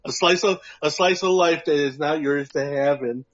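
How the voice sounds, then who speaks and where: A man co-hosting a podcast, telling a long, profane, animated story about a prank with lots of laughter. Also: fairly high pitch, moderate pace. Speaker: podcast co-host. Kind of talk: casual storytelling chat. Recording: muffled lo-fi audio.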